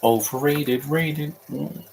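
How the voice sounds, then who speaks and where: A man's voice: a little high, takes it slowly, creaky, background noise. A man in his thirties giving casual, opinionated live commentary over a movie, rambling with frequent restarts.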